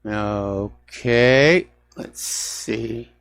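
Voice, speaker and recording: Sarcastic talk radio host, dry studio. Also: male voice, mid-range voice, very slow, fairly bright tone, smooth, no echo. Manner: sarcastic, mocking blustery officials. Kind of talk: political talk radio monologue.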